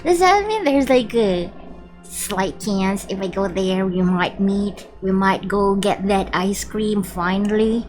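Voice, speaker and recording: A woman's voice: mid-range voice, little pitch movement, takes it slowly, a little mellow, rough recording. A young woman from the Philippines chatting playfully and giggling with her stream viewers, reading their messages aloud. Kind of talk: casual live-stream chat with viewers. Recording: background music under the voice. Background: background music.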